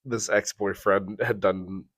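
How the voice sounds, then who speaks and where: A man co-hosting a podcast, telling a profane, animated story and acting out the quotes. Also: fairly low pitch, slow pace, dry recording. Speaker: podcast co-host. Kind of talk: casual storytelling.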